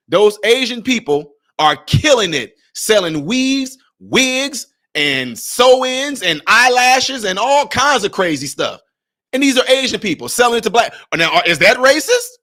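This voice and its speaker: A man's voice: high-pitched, sing-song, moderate pace, bright, forceful tone. A man giving emphatic, conversational commentary in a vlog, speaking directly to his viewers.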